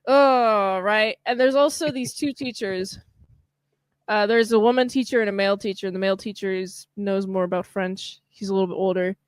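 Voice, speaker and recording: A woman co-hosting a podcast, chatting casually about a film and acting out the characters' lines in quick voices. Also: medium pitch, fairly even intonation, smooth, dry recording. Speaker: podcast co-host. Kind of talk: casual chat recapping a film.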